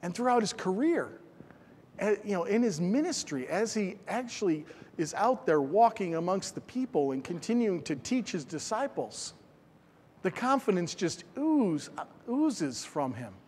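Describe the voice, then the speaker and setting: A man's voice: high voice, big pitch swings, measured pace, darkish tone, in a large hall, a little hiss or hum. A middle-aged man preaching a sermon in a church, earnest and emphatic, repeating phrases for stress. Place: church sanctuary.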